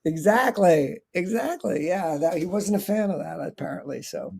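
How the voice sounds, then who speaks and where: A man's voice: high-pitched, lively intonation, normal speed, vocal fry, darkish tone, slightly rough. A man chatting as a guest on a streamed show, answering in a dry, understated way with short replies. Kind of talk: casual interview chat.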